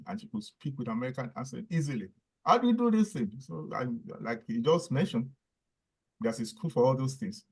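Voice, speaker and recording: A man's voice: medium pitch, a little mellow, low-quality recording. A man moderating a panel discussion, hesitant with many ums as he thanks speakers and reads out audience questions.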